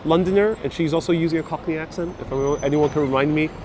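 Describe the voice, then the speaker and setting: A man's voice: on the high side, fast. A man guiding a live-streamed city bus tour, chatting casually and reading out viewer comments. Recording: faint street and traffic noise.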